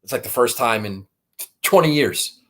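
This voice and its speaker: A man's voice: medium pitch, lively intonation, moderate pace, fairly bright tone. A man hosting a golf betting show, talking in a rambling, profane, frustrated way. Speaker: golf betting podcast host. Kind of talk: casual chat.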